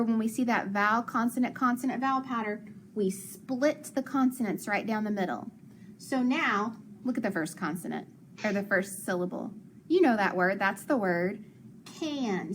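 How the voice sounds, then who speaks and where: A woman teacher leads a phonics lesson for young children, staying patient and encouraging as she asks questions and praises their answers. Her mid-range voice moves at a moderate pace, and there's a little hiss or hum on the recording.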